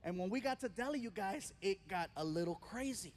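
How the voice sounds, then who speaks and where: A male stand-up comedian telling an animated story and acting out its characters. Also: high-pitched, brisk, a little hiss or hum. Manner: animated, acts out characters in his stories.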